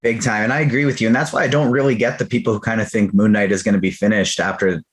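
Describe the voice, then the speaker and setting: A man's voice: on the low side, fast talker, a little hiss or hum. Chatty Canadian man reviewing a show. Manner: animated, chatty, lots of "like". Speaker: podcast co-host. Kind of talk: casual pop-culture review chat.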